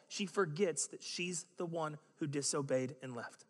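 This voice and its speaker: A man with a slightly high voice gives a lively sermon, talking to the listeners as if chatting with them and dropping in jokes. His voice rings out with a long reverb in a large hall. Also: measured pace, hardly any pauses. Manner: conversational, joking asides, animated. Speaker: preacher.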